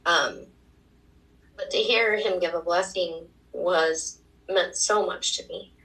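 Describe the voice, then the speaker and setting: A young adult woman, a guest on a talk show, telling an emotional personal story at a quick pace. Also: lowish voice, steady tone, fairly bright tone, distant mic, low-quality recording.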